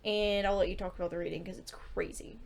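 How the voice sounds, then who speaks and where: A woman's voice: medium pitch, fairly even intonation, quick pace, gravelly. A young woman co-hosting a podcast, speaking bluntly and frankly about a film, with the odd curse. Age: young adult. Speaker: podcast co-host. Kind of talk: casual film discussion.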